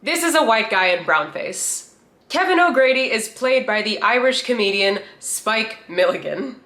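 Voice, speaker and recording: A woman's voice: fairly high pitch, lively intonation, normal speed, pushed and bright, echoey room. Sarcastic American woman commentator. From United States. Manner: sarcastic, candid. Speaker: host. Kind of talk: reaction commentary.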